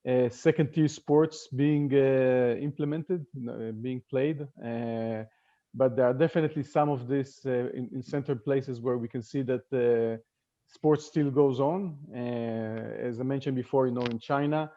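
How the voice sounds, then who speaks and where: Halting man on a dull video call. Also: medium pitch, steady tone, warm tone. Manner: halting, many fillers and restarts. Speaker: webinar panelist. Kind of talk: casual panel talk.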